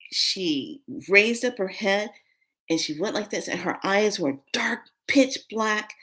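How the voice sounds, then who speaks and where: A woman's voice: medium pitch, a bit bright. A middle-aged woman casually telling a story to her viewers, acting out the dialogue with big jumps in her voice. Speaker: spiritual channel host.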